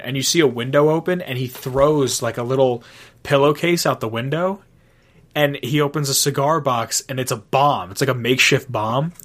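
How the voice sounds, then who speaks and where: Young man excitedly retelling a movie. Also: medium pitch, moderate pace. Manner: excited, retells scenes with acted quotes and swearing. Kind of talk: casual movie chat.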